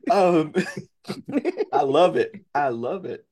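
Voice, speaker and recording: A man hosting a casual interview who asks his question haltingly, restarting as he goes. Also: fairly high pitch, very animated, darkish tone. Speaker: interview host.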